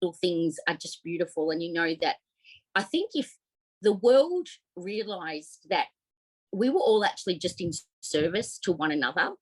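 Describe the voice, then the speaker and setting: Heartfelt Australian woman, lower voice. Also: normal speed, rough recording. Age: middle-aged. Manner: heartfelt, animated, many fillers. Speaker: podcast guest, op shop owner. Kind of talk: casual interview storytelling.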